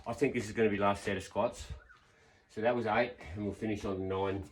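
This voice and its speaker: Fairly low-pitched and fairly quick, with fairly even intonation and slight background noise, this man in his fifties is a fitness vlogger doing a leg workout indoors at home. He chats casually, encourages viewers, and counts reps aloud through the effort.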